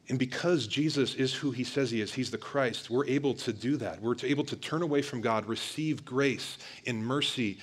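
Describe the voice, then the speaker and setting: A male pastor preaching an energetic sermon, talking straight to the congregation and pressing his points hard. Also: fairly low pitch. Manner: energetic, emphatic preaching with direct address to the congregation.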